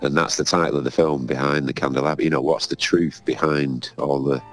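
A man's voice: extremely low pitch, steady tone, a little fast, faint music behind. A man, telling rambling, self-mocking stories in a casual chat as podcast co-host.

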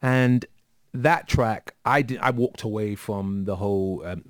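A man's voice: lowish voice, measured pace, no echo, clean studio sound. A man telling a story as a guest in a casual interview, with lots of fillers and restarts. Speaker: guest musician.

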